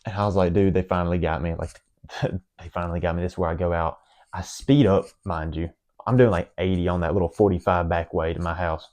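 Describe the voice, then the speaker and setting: A young man with a drawl speaks in a lowish voice. He rambles earnestly through a personal confession to the camera, stumbling over restarts and fillers. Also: a little mellow. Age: young adult. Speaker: vlogger.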